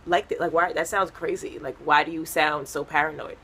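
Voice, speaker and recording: A woman's voice: low-pitched, fairly even intonation, brisk, fairly bright tone, slightly rough, pitched below the performer's own voice. A woman imitating a dismissive young guy. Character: dismissive young man friend.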